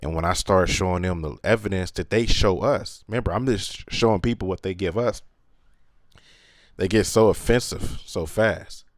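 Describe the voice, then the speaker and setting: Deep-voiced man, earnest slangy vlog talk. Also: moderate pace, dry recording, studio quality. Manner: earnest, slangy, many fillers. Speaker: channel host. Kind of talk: casual to-camera monologue.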